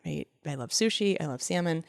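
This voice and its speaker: A woman's voice: low voice, fast, creaky, no room sound. A woman in her thirties chatting on a podcast, voice swooping up and down as she tells a story and laughs her way through it. She is recorded close and dry on a studio mic, and she keeps slipping into little acted-out bits of what other people said. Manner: animated storyteller, laughs often; acts out quoted speech. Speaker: podcast co-host. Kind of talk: casual chat.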